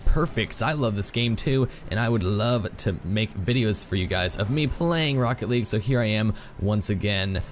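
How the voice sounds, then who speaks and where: A man doing excitable, self-mocking live commentary while playing a video game, full of exclamations. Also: lowish voice, normal speed, hardly any pauses, soft background music. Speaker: gaming YouTuber.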